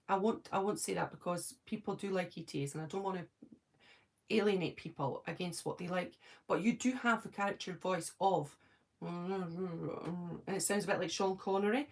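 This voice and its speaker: A Scottish woman chatting casually on a live stream from her home, answering viewers' comments by name and thinking aloud. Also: on the low side. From Scotland.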